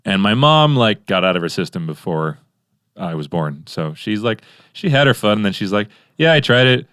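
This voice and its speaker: A young man from Los Angeles talking as a podcast guest in a relaxed, rambling way, full of fillers and restarts. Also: sits low, normal speed, clear, resonant tone, no echo, studio quality. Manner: laid-back, rambling with many fillers and restarts; does exaggerated impressions in anecdotes. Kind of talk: casual conversation.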